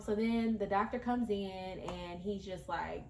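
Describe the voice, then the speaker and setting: A woman's voice: mid-range voice, unhurried, reverberant, a little hiss or hum. A woman telling a story in a casual vlog, chatty and rambling, talking straight to her viewers. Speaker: vlogger.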